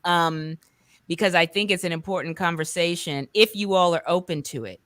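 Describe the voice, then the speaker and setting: A woman hosting a talk show as a coach, speaking in an animated, rambling way with colloquial asides and self-corrections. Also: on the low side, moderate pace, no room sound. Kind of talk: casual conversational interview.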